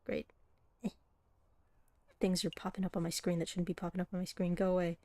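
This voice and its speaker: A woman's voice: lowish voice, flat delivery, fairly quick, warm tone, dry recording. A woman playing through a game on stream and chatting with viewers between dialogue lines. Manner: chatty, giggly asides to viewers. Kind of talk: casual game playthrough, reading dialogue aloud. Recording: light background music.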